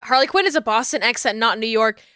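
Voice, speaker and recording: A woman streamer in casual chat, laughing often and reading messages from chat aloud, with a naturally high voice. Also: expressive, fast, bright, forceful tone, smooth, no room sound, studio quality. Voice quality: high natural register, finds low voices hard.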